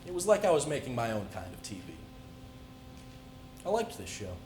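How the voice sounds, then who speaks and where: A teenage student performing a dramatic monologue as a calm but unhinged male serial killer on death row, confiding softly one moment and shouting in a frenzy the next. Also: mid-range voice, normal speed, echoey room, slight background noise, close to an everyday voice. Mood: cold, menacing. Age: teens. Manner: soft, confiding menace breaking into frenzied shouting. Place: school auditorium stage.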